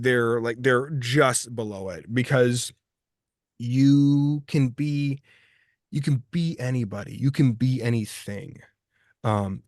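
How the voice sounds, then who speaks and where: A man's voice: mid-range voice, no echo, studio quality. A man from Texas who works as a voice actor, chatting in an interview and often restarting his phrases as he tells stories. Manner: chatty, restarts phrases while telling anecdotes. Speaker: voice actor guest. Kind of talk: casual interview chat.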